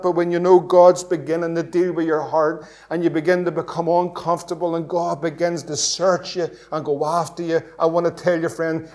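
In this clip a pastor with a voice on the high side preaches a fervent evangelistic sermon. He asks rhetorical questions and alternates between booming and hushed passages.

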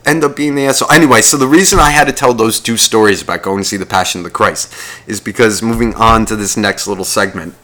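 A man's voice: quick pace, sharp tone. A man on a podcast telling crude, rambling stories, swearing a lot and mimicking other people. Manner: profane, mimics others in high voices. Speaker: podcast co-host. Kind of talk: crude casual storytelling.

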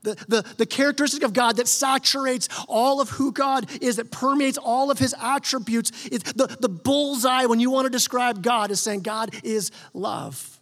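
Male pastor, higher voice, earnest conversational sermon, echoing church hall. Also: moderate pace, hardly any pauses, a bit bright. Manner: earnest, conversational preaching with repeated restarts. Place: church sanctuary.

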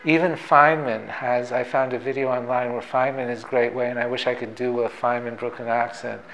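Brief: male theoretical physicist, mid-pitched, thoughtful and measured, professorial explainer. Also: steady tone, a bit bright, a little hiss or hum, rough recording. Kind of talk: reflective explanatory talk.

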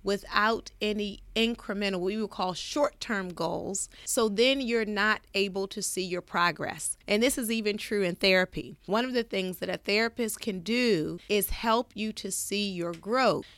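A middle-aged woman therapist speaks in a gentle, encouraging self-help talk at an ordinary pitch. She often asks "right?" to check in with listeners. The recording is dry and close, with no room sound. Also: no room sound. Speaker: therapist and podcast host.

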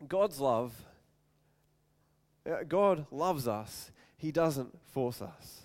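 A man preaching a sermon, telling an animated story and acting out the voices in it. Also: mid-range voice, extremely slow. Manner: animated, acts out scenes with quoted voices.

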